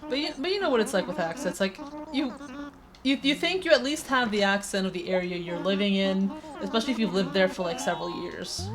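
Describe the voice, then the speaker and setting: Chatty streamer, slight Spanish accent. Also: female voice, mid-range voice, fairly quick, crowd noise. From Peru. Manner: over-enunciates consonants; chatty, rambling, many restarts. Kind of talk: casual game-stream chat. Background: faint game music.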